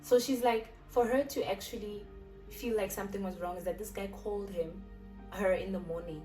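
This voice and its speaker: A woman's voice: medium pitch, fairly quick. A young South African woman casually retelling a personal story, acting out the lines of the people in it. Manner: animated retelling, acting out quoted dialogue. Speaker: YouTuber. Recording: echoey room, distant mic, background music.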